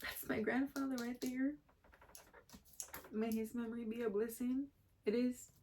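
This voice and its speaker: Woman from jamaica talking straight to camera, emotional, kinda rambly, pretty monotone. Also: a little high, measured pace, a little hiss or hum. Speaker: vlogger. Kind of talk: personal confessional vlog.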